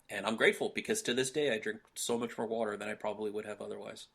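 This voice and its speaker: A man's voice: on the low side, steady tone, quick pace, creaky, fairly bright tone, breathy edge. Laid-back young man hosting a chat. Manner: laid-back, laughs often, joking. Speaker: podcast host. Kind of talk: casual chat.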